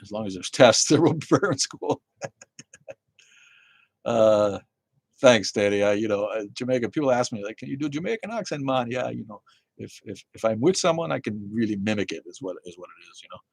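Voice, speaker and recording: Man, low husky voice, dry sound, swearing livestream rant. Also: animated, normal speed, dry recording. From Connecticut, USA. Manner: profane, heated ranting. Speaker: livestream host. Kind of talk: live-stream rant and chat with viewers. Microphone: phone.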